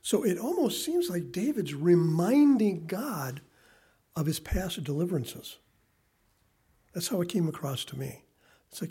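A man in his thirties preaching a sermon, swinging from loud emphasis to quiet, hushed asides. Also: high-pitched, lively intonation, a little slow, long pauses, husky. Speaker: pastor.

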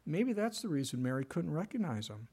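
Animated man preaching a conversational sermon. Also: on the high side, brisk, husky. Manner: animated, conversational preaching with sudden loud bursts and hushed asides; jokes and laughs with the congregation. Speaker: pastor.

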